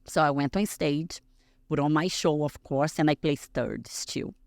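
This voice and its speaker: A woman in her thirties from Brazil, speaking English with a Brazilian accent as a podcast guest, telling a story in an animated way and acting out the other people in it. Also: low voice, a little slow, creaky, no room sound, clean studio sound. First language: Portuguese. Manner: animated, acts out quoted dialogue in a raised voice. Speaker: guest athlete. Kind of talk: casual interview storytelling.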